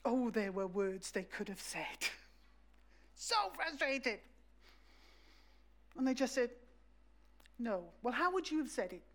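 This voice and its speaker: A woman preaching a sermon in a church, telling the story in a lively way and acting out the voices. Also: fairly high pitch, slow pace, pauses often.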